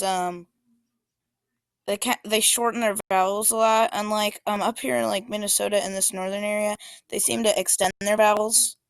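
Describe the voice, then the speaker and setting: A woman walks through a set of maps in an easygoing, informal way, often pausing on fillers and restarting her sentences. Her voice is smooth and clear. The recording is dry and close. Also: medium pitch, no room sound. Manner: informal, hesitant, many fillers. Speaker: student presenter. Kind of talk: casual class presentation.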